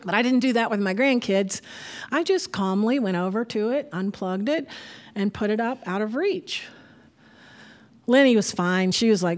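A woman's voice: medium pitch, moderate pace. An older grandmother preaching a sermon, telling a homey story with asides and laughs.

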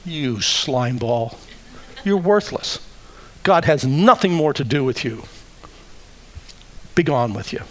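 A man's voice: a little high, lively intonation, moderate pace, gravelly, long pauses. A man voicing a sneering male accuser spirit who calls people worthless, within a sermon. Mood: scornful. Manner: scornful, name-calling.

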